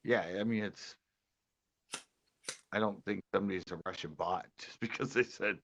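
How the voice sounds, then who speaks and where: A man's voice: lowish voice, normal speed, creaky. A man from California hosting a fishing channel, chatting casually on a porch at night and laughing often. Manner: laughs often, relaxed storytelling. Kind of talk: casual chat. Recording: dull lo-fi sound.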